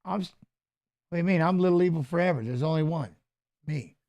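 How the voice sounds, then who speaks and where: Middle aged guy on a fight stream, kinda high voice, loose rambly stories, swears a lot. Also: a little fast, darkish tone. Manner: rambling storyteller, swears freely. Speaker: show host and former fighter. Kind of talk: casual live-stream chat.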